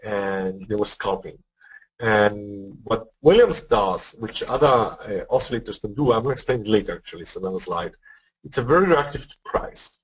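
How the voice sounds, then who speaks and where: A man's voice: on the low side, lively intonation, moderate pace, slightly rough, low-quality recording. A man presenting a live trading webinar, explaining step by step, often checking whether listeners follow. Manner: explanatory, asks for feedback, repeats words.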